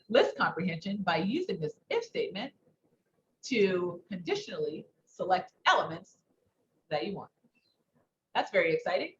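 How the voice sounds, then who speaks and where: A woman instructor teaching a live coding lesson, thinking aloud and asking rhetorical questions. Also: mid-range voice. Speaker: workshop instructor. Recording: dull muffled sound, faint background noise.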